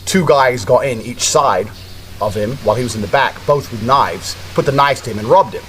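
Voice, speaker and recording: A man's voice: medium pitch, moderate pace, a bit bright, a little hiss or hum. A man telling a story in a blunt, casual way, with heavy swearing.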